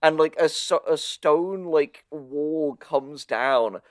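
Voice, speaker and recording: A man's voice: on the high side, takes it slowly, no room sound, clean studio sound. A man co-hosting a podcast, casually recapping a cartoon episode, swearing and laughing as he tells it. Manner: storytelling, swearing, laughing often. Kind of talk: casual chat.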